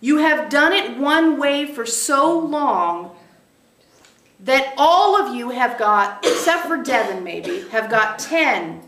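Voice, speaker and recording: A woman's voice: sits high, animated, slow pace, fairly bright tone. A woman channeler giving an emphatic teaching to a small group, stressing points by repeating them. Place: meeting room with a group of listeners. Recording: roomy echo.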